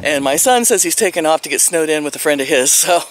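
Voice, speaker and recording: A woman's voice: low-pitched, animated, quick pace. An older woman vlogging casually from outside her home on a phone camera, telling stories and laughing often. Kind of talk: casual vlog chat. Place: outdoors at home.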